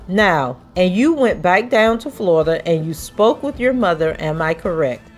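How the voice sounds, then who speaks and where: A woman podcast host reading a trial transcript aloud, voicing the questioning in a measured, even way. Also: fairly low pitch, soft background music.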